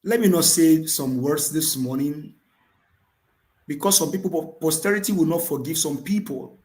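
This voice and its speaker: Impassioned Nigerian man, high voice. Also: normal speed. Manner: fervent, repetitive, rising to shouts. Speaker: caller. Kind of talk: impassioned political commentary.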